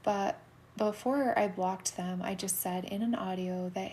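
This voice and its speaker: Soft-spoken woman, soothing reader. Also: mid-range voice, steady tone, measured pace, a little hiss or hum. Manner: soft, soothing voice that drops into whispers. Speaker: livestream soulmate reader. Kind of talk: casual livestream reading and chat.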